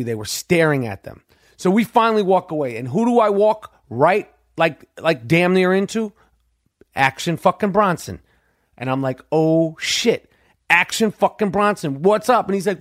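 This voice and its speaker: A fairly high-voiced middle-aged man tells a wild story with heavy profanity, repeating phrases as he builds excitement. The recording is dry and close, with no room sound. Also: no echo. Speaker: podcast host. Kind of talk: casual storytelling monologue.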